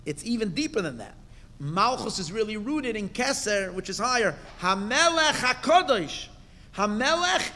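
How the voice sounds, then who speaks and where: In a hall where a long reverb rings out, a rabbi with a high, bright voice leads a Torah class. He reads each Hebrew phrase aloud and then explains it in English, using emphatic bursts and pointed questions.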